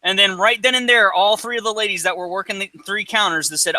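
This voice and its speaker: Brief: rambling, profane man, high voice, dry close sound. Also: fast talker, hardly any pauses, dry recording, poor audio. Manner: rambling, profane, animated storyteller. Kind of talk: casual chat storytelling.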